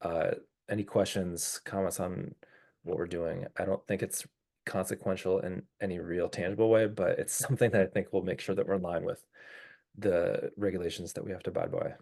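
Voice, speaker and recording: Man who is losing his voice, low and gravelly, runs a community meeting in an easygoing, procedural way. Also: fairly even intonation, fairly quick, dark tone. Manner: casual, clarifying, procedural. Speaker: meeting chair of a neighborhood commission. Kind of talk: chairing a public meeting.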